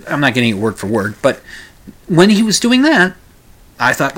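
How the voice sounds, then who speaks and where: A man's voice: medium pitch, lively intonation, moderate pace, fairly bright tone. A man hosting a casual commentary show, rambling through the news with frequent restarts and asides.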